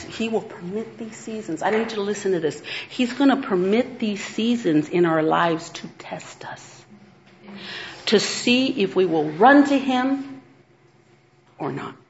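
A woman preaching to a group of women, earnest and animated, acting out stories and laughing now and then. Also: fairly low pitch, unhurried, muffled recording, slight background noise. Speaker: women's ministry speaker. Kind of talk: sermon.

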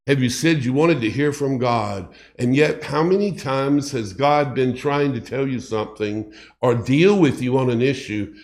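A pastor preaching a sermon with slow, emphatic, repetitive phrasing. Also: male voice, medium pitch.

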